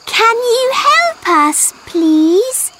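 Young girl pirate in a storybook, voiced by a woman: polite, sweet, very high. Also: very animated, drawn-out words, heavy background noise, heavily acted. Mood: pleading.

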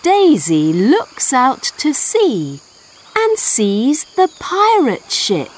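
Woman storyteller for a children's book; measured, animated, clear reading. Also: sits high, slight background noise. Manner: slow, clear and expressive.

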